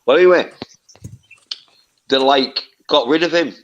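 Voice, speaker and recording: A man's voice: a little high, measured pace, muffled recording, slight background noise. A man co-hosting a casual livestream chat, rambling and hesitant, full of fillers.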